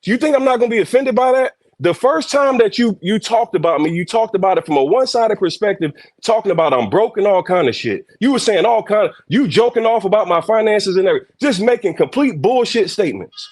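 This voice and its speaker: A man's voice: high voice, lively intonation, fast, hardly any pauses, darkish tone, dry recording, clean studio sound. An angry man arguing over a video call as a guest on a live stream, confrontational and profane. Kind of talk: heated argument.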